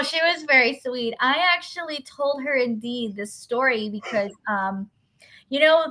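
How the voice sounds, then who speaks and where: A young woman guest on a podcast talks in a casual, chatty way and sounds like an eager fan. Her voice is very bright and sits a little high. Her pace is quick and her delivery is lively.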